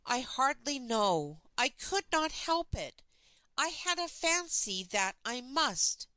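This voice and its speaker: A calm, cold young governess who answers slowly and keeps her guard up, voiced by a woman in an audiobook. The voice is fairly high and bright. It sounds dry and close. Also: no echo, full character voice. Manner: slow, steady, guarded. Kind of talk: audiobook character reading.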